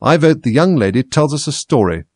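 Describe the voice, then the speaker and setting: Man doing a bossy, high March Hare. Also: lively intonation, brisk, husky, dry recording. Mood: impatient. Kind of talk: storybook reading.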